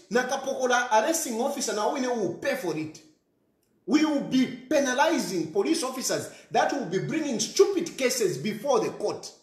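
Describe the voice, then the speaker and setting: A Zambian man with a Zambian accent, a politician ranting and scolding his listeners, repeating himself and calling them stupid. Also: sits high. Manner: scolding, repetitive, insulting. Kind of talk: ranting commentary. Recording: echoey room.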